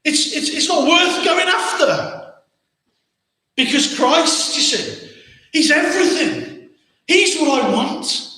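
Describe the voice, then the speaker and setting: Speaking slowly and pausing often, a pastor with an English accent gives an earnest sermon packed with rhetorical questions and repetition. His voice is extremely high, animated, and sharp in tone, captured in a very echoey church hall.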